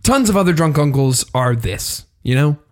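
A man playing a bearded drunk uncle applying for a job, with a deadpan, halting delivery. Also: a little high.

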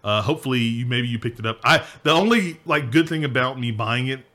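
A man's voice: medium pitch, a little fast, sharp tone. A man hosting a casual gaming podcast, rambling with restarts and laughing often. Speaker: podcast host.

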